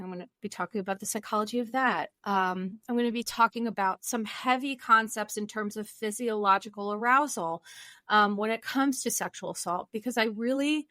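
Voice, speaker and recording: A woman's voice: mid-range voice, a bit bright, no room sound, clean studio sound. A young woman therapist hosting her own podcast, talking earnestly and rambling a little, with self-deprecating asides. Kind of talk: solo podcast talk.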